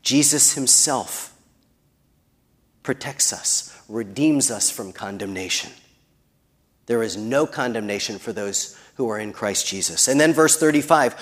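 A man preaching a sermon who builds to emphatic peaks and then drops very soft. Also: medium pitch, a little slow. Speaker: pastor.

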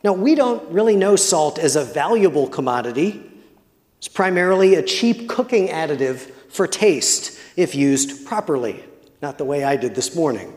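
A man preaching a sermon as pastor, measured and deliberate, sometimes putting questions to the congregation. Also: fairly high pitch, lively intonation, a little mellow. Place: church. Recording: long hall reverb.

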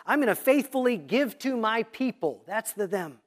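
A pastor delivers an expository sermon in an expressive, mid-range voice. He reads scripture slowly and deliberately before explaining it, teacherly in manner and pointing out themes that repeat.

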